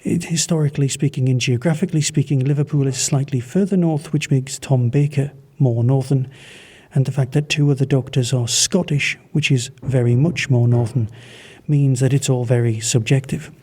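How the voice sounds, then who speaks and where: A man's voice: medium pitch, fairly even intonation, moderate pace, dark tone, slightly rough. A man from Manchester hosting a podcast, giving a casual, rambling and enthusiastic spoken review. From Manchester, England. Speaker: podcast host reviewing audio dramas.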